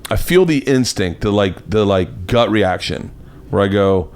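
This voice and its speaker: Man, podcast host from Florida, loose animated storyteller, lowish voice. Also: unhurried. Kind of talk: casual chat. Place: home studio.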